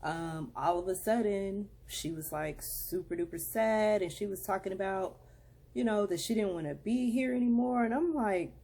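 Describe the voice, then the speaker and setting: A woman's voice: mid-range voice, moderate pace, vocal fry, dark tone. A woman in her thirties from Atlanta, chatting to her viewers like a friend and confiding about her daughter. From Atlanta, Georgia. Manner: chatty, confiding, calls viewers "girl" and "y'all". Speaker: vlogger and mom. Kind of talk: casual chat to camera.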